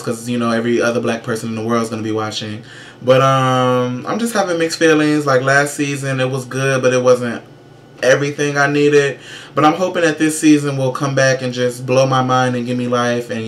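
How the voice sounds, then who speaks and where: A man hosting his own casual show, giving sassy, profane, emphatic pop-culture commentary with brash shout-outs. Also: mid-range voice, slight background noise. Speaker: show host.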